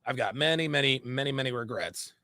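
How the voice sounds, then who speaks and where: A man's voice: mid-range voice, expressive, fast talker, bright, forceful tone, no room sound, clean studio sound. A man speaking frankly in a monologue, repeating phrases for emphasis. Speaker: online commentator. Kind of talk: candid monologue.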